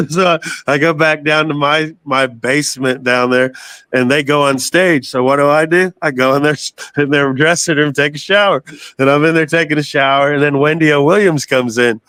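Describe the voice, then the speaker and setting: Older man, slightly high voice, dry close sound, salty animated storyteller. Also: normal speed, clean tone, no echo. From southern United States. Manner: animated storyteller, swears freely, laughs often. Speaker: guest musician. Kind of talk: casual storytelling interview.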